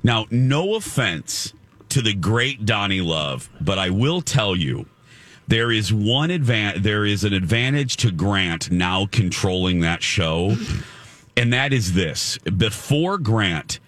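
A man's voice: on the low side, expressive, slow pace, fairly bright tone, dry recording. A man in his forties, a radio host, telling rambling self-mocking stories in casual chat. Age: 40s.

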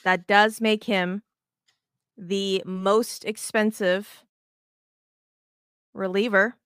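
Woman podcast host, casual baseball chat, animated and rambling, smooth clear voice, dry close sound. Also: mid-range voice, drawn-out words, no echo. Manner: animated, swears freely, rambling restarts.

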